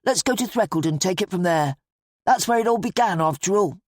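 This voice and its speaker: A woman's voice: mid-range voice, animated, brisk, no room sound, clean studio sound, natural voice. A woman voicing an earnest, inquisitive young man who asks probing questions in a hesitant way.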